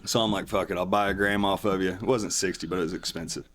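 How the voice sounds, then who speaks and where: A man's voice: low voice, steady tone, fast, a bit bright. A man telling a long story in casual talk, rambling and raising his voice when he acts out what others said. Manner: rambling, acts out other people's lines in a raised voice. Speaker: podcast guest.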